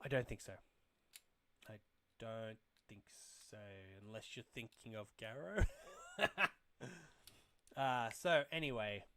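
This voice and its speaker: A man's voice: mid-range voice, takes it slowly, long pauses, a bit bright, a little hiss or hum. A young man hosting a casual toy livestream, rambling and swearing freely as he reads chat aloud. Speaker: livestream host.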